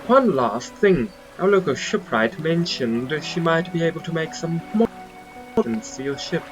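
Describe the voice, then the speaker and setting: A man's voice: a little high, lively intonation, measured pace, music in the background, rough recording. A man voicing a friendly male townsman with an encouraging, plain delivery.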